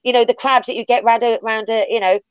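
An English woman talking as an interview guest, blunt and animated, swearing freely as she tells stories. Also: on the high side, quick pace, clear, resonant tone, dry recording, muffled recording. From England. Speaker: wrestling guest. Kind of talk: casual interview chat.

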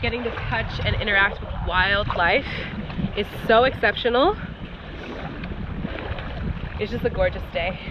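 A woman's voice: mid-range voice, unhurried, long pauses, muffled recording, heavy background noise. A young woman talking to a handheld camera outdoors on a boat, as an enthusiastic travel vlogger. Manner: enthusiastic, gushing. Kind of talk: excited travel vlog narration.

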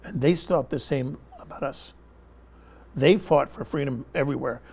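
Emphatic man with a gravelly voice. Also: medium pitch, moderate pace, darkish tone. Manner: emphatic, repeats his point, talks over interruptions. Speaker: interview guest. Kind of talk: impassioned political commentary.

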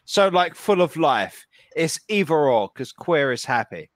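A man's voice: fairly high pitch, big pitch swings, unhurried, no echo, studio quality. A man co-hosting a let's play, teasing his partner and swearing while he laughs. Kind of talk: casual gaming chat.

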